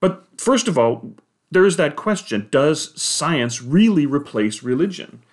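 A man giving a measured, explanatory monologue on faith and science, with the odd hesitation. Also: fairly high pitch, very animated. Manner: measured, explanatory, with occasional filler "uh".

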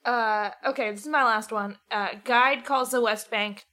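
A woman's voice: a little high, steady tone, moderate pace, bright, forceful tone. A young woman co-hosting a podcast, asking questions in a blunt, frank way and swearing freely. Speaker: podcast co-host, interviewer. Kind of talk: casual podcast conversation.

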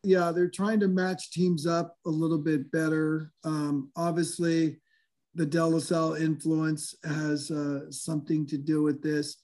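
A man with a noticeably high voice talks sports in a loose, rambling way. He keeps circling back with fillers and restarts, like casual chat among friends. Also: level tone, a little slow, a little mellow. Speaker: sports analyst guest.

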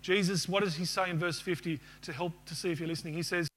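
A high-pitched man preaches a sermon fast and with fairly even intonation, asking the congregation questions before leading them in a closing prayer. His tone is fairly bright.

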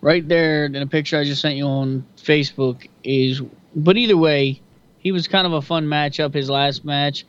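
A man's voice: a little high, fairly even intonation, normal speed, clean tone. A man co-hosting a casual fight-pick chat, loose, profane and chatty. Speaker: podcast co-host. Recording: dull lo-fi sound.

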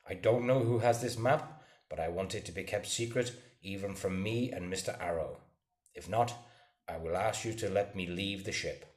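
A man's voice: low voice, moderate pace, darkish tone, close to an everyday voice. A man voicing a stern, grumbling middle-aged sea captain who speaks bluntly and disapprovingly. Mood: gruff complaint. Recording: roomy echo.

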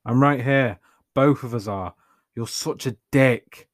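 A man voicing a sharp-tongued, sarcastic young woman who snaps back loudly. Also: mid-range voice, brisk, voice pushed up, natural voice. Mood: scornful. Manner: indignant, sarcastic, loud outbursts.

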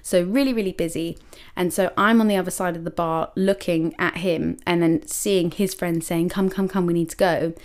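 A young woman hosting a podcast, telling a personal story in a lively, chatty way full of "like" and acted-out quotes of herself. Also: on the low side, normal speed. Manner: animated, many likes and quoted self-talk. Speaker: podcast host.

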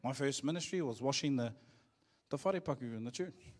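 A man's voice: mid-range voice, animated, brisk. A middle-aged man with a New Zealand accent preaching a sermon in a church, joking and calling out to the congregation. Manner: joking, playful preaching with call-and-response. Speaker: pastor.

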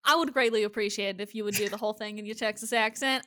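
A woman's voice: mid-range voice, steady tone, quick pace, fairly bright tone. A woman with a Midwestern accent, co-hosting a podcast in a giggly, teasing casual chat. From Iowa. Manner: giggly and teasing, laughs often. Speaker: podcast co-host.

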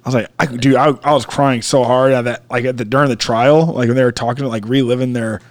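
A man's voice: mid-range voice, steady tone, quick pace. A man, co-hosting a casual chat and rambling through stories with frequent laughs. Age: 30s. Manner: rambling storyteller, laughs often, swears. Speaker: podcast co-host, bar owner.

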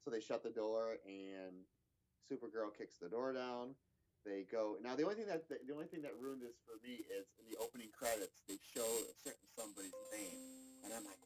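Low-voiced man rambling through a recap. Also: fairly quick, darkish tone, faint music behind, rough recording. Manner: rambling, many fillers and restarts. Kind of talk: casual chat recapping a TV episode.

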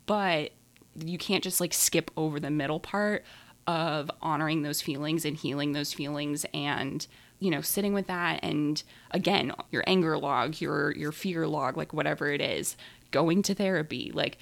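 A young woman co-hosting a podcast, telling a personal story in a rambling, animated way with lots of fillers. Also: sits low, normal speed, gravelly. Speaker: podcast co-host. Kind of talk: casual podcast chat.

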